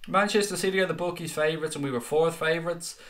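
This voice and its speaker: Guy doing a fan stream, reading out chat, calling everyone mate, bright forward voice. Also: on the high side, quick pace. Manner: chatty, reads out viewer comments, calls people mate. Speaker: fan channel host reading live chat. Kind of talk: casual live-stream chat.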